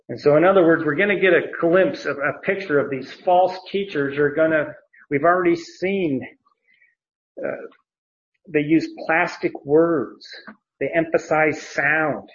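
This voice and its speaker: A man teaching scripture in an unhurried, measured way, his voice sitting a little high for a man. He works through the text with many pauses and "uh"s. The sound is slightly dull and muffled. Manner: slow and deliberate, with frequent fillers and restarts. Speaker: Bible teacher. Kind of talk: verse-by-verse Bible teaching.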